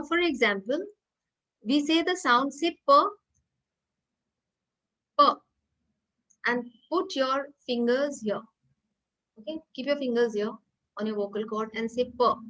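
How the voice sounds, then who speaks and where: A woman's voice: on the high side, moderate pace, fairly bright tone, low-quality recording. A woman with an Indian English accent lecturing an online class, patient and repeating key points step by step.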